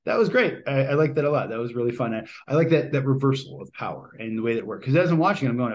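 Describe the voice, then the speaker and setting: A man talks through a film he watched in an easy, unscripted way. He rambles, hesitates with frequent ums and uhs, and often restarts his sentences. His voice sits at an ordinary middle pitch. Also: expressive, very fast, hardly any pauses. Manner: rambling, many fillers and restarts. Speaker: movie reviewer. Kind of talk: casual spoken movie review.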